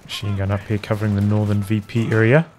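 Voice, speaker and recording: A man giving calm, analytical play-by-play commentary on a strategy game match. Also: lowish voice, fast talker, background noise. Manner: calm, analytical, even-paced. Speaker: game caster. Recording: commentary over loud game sound. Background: gunfire, artillery and vehicles.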